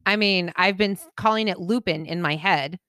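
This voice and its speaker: A woman co-hosting a casual chat, teasing and quick to laugh. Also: on the low side, pushed and bright, no room sound, studio quality. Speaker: podcast co-host.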